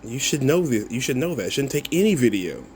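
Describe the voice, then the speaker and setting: A man's voice: medium pitch, very animated, a little fast, darkish tone, a little hiss or hum. Mocking man ranting at online critics. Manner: mocking, laughs often, swears, repeats himself. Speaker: content creator replying to comments. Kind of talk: casual video rant.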